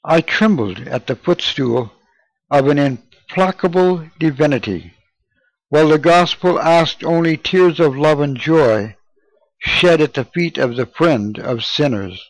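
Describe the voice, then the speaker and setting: Slow, measured male narrator. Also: fairly high pitch, dry recording, rough recording. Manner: measured, deliberate reading. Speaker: audiobook narrator. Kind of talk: scripted memoir narration.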